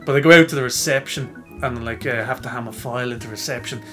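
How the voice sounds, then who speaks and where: A podcast co-host speaks at a medium pitch and a quick pace, with faint music playing behind him. Chatting casually, he tells an animated, self-mocking story and acts out the voices of the people in it.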